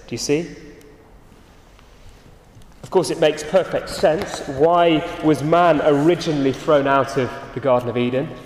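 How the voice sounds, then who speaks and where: A man preaching a sermon, earnest and emphatic, his phrases often sinking soft and low at the end. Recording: echoey hall, reverberant.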